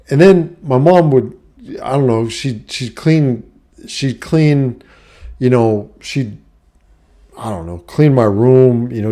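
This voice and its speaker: A man's voice: mid-range voice, mellow. A middle-aged man, a life coach, talking candidly to camera in a rambling, profane, confessional way. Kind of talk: candid personal talk to camera.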